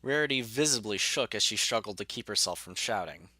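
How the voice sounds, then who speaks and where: A man narrating a fan audio story in a measured, even way. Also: fairly low pitch, no echo, studio quality.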